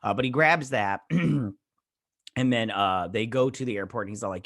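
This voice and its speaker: A man's voice: medium pitch, fairly quick, fairly bright tone, no room sound, studio quality. A man hosting a show, giving a casual, rambling episode recap full of fillers and restarts. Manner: rambling, filler-heavy retelling. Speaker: show host.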